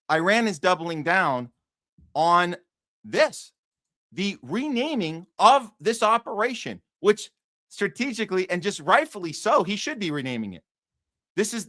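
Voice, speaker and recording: A man's voice: high-pitched, pushed and bright, no echo, clean studio sound. A man hosting a podcast, giving heated, profane and sarcastic political commentary that often repeats itself. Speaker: podcast host.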